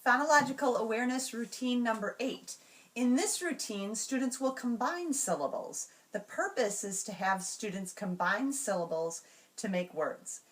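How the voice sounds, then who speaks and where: A woman calmly explaining classroom routines step by step, slowing down to sound out example words. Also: fairly high pitch, recorded from a distance. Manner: clear, measured, slows to sound out example words. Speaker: teacher trainer. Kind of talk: instructional walkthrough.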